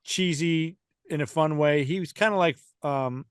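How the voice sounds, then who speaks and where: A man's voice: fairly high pitch, measured pace, smooth, dry recording, clean studio sound. A man co-hosting a podcast, chatting casually and laughing easily. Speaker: podcast co-host. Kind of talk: casual chat.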